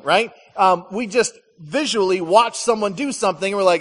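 Male pastor from Michigan, fairly high voice, chatty sermon with storytelling, reverberant hall. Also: expressive, fast talker, few pauses, fairly bright tone. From Michigan, USA. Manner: storytelling, acts out quoted voices. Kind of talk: conversational sermon.

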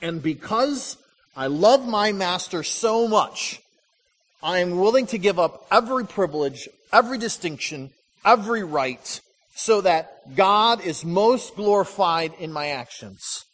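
A man preaching from the pulpit, middle-aged and high-voiced. He tells stories and drives home short repeated lines, and his words ring out with a long reverb through the church hall. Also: unhurried. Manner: animated storytelling with punchy repeated lines. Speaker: pastor. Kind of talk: sermon.

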